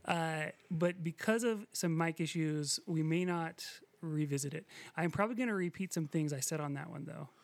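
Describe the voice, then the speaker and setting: A man's voice: fairly high pitch, normal speed, vocal fry, few pauses, no echo. A man co-hosting a casual podcast chat, rambling and self-deprecating, with many restarts and fillers. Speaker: podcast co-host.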